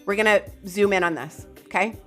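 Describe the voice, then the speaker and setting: An excitable, loud woman, hosting a live chart analysis stream and talking to viewers by name. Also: medium pitch, a little fast, soft background music. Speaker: crypto market streamer.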